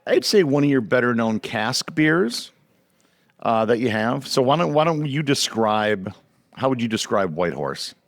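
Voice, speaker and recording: A man's voice: medium pitch, very animated, measured pace, no echo. A man hosting a casual podcast chat, easygoing and fond of trivia asides. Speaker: podcast host.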